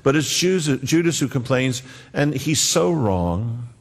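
Earnest preacher in a reverberant hall. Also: male voice, mid-range voice, expressive, unhurried. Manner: conversational, earnest, acts out quotes. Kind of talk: sermon.

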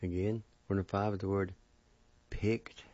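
A man teaching a language lesson, spelling words and sounding out each syllable slowly. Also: on the low side, mellow, no room sound. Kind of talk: slow spelling and pronunciation lesson. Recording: dull lo-fi recording.

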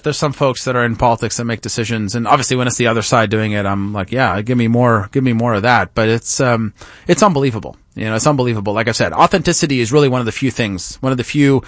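A man talking politics at a brisk clip, emphatic and fond of folksy sayings. His voice sits at a middle pitch and sounds dry and close, with no room around it. He jumps in readily on his co-host. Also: expressive, a bit bright, no echo. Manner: emphatic, folksy, quick to interject. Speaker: political talk show co-host. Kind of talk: casual political discussion.

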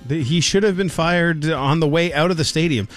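Radio co-host guy, highish voice, ranting, really animated. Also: normal speed, soft background music. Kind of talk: sports talk radio.

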